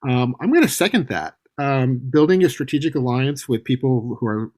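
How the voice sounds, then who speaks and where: Man, middle pitch, podcast guest, measured, frequent ums. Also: sing-song, a little mellow. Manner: measured, with many fillers. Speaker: game designer guest. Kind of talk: casual interview.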